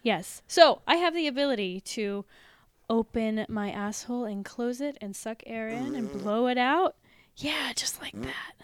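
Female guest, frank and giggly, smooth clear voice, dry close mic. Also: on the high side, lively intonation, moderate pace, dry recording. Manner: frank, giggly, matter-of-fact. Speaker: podcast guest. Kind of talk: casual crude podcast chat.

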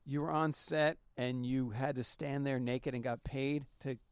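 A man's voice: medium pitch, steady tone, measured pace, smooth, no room sound, clean studio sound. A man hosting a casual chat, teasing his guest with profane jokes.

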